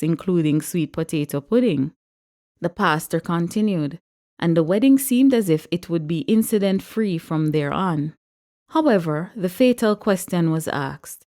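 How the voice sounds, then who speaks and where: A woman narrates a story with a lively, character-driven delivery. Her voice sits a little low, and she keeps her pacing relaxed and expressive. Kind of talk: audiobook narration.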